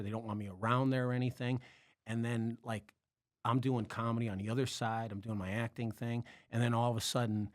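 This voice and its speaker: A man's voice: lowish voice, no room sound. Man telling a rowdy story, dry sound. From Chicago area, US. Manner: animated, acts out quoted voices, swears freely. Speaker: podcast guest, comedy club bartender. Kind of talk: casual storytelling chat.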